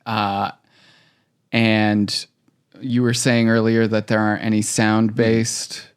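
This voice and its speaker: A man co-hosting a podcast in casual banter, laid-back and pitching ideas with a dry, joking tone. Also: monotone, slow pace, clear, resonant tone. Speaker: podcast co-host.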